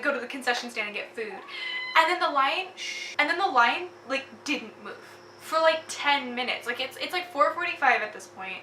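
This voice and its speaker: A woman's voice: on the high side, sharp tone, roomy sound, distant mic, a little hiss or hum, poor audio. A young woman with a Texan accent telling a gushing, casual story about her day, full of "like" and little laughs. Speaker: book vlogger.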